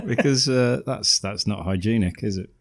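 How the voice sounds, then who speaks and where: Deep-voiced podcast co-host. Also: male voice, measured pace. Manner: dry, sardonic and often laughing. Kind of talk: casual chat reviewing a film.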